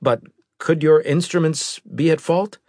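A man voicing a cunning starship captain who talks smoothly and with false politeness. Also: on the high side, measured pace, a little mellow, no room sound, clean studio sound, voice pushed up. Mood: smoothly polite.

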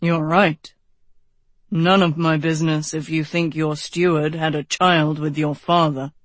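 An audiobook narrator voicing a calm, blunt, world-weary knight who talks dryly and frankly, a bit lower than the narration. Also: no echo, close to an everyday voice. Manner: dry, unhurried, frank.

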